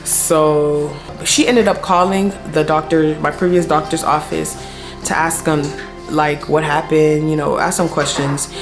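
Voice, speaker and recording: Young woman, low voice, casual storytime vlog, slangy and chatty, faint music underneath. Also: fairly even intonation, a little slow. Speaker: vlogger.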